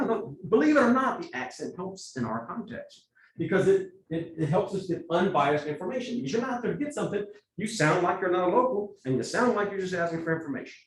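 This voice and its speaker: Man, Texas accent, workshop trainer, lively swinging pitch, echoey room, from a distance. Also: fast talker. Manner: conversational, with lively asides and acted-out quotes. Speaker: evangelism trainer. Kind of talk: workshop teaching.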